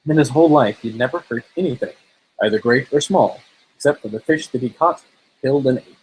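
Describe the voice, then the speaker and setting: A man reading fairy tales aloud in a relaxed, informal way, sometimes stumbling over words and joking between lines. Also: medium pitch, brisk, slight background noise, low-quality recording. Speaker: storybook reader.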